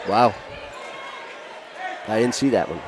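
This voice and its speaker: A man commenting on a high school basketball game, chatting and joking with his co-host between plays. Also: slow pace. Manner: chatty, jokey banter with co-host. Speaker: play-by-play commentator. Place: school gymnasium. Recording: noisy gym with ball bounces.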